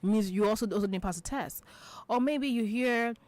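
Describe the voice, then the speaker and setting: A woman's voice: fairly high pitch, a little fast, no room sound. A woman hosting a children's radio show, patiently explaining idioms, repeating each point and checking that listeners understand. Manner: acts out example quotes in lively voices.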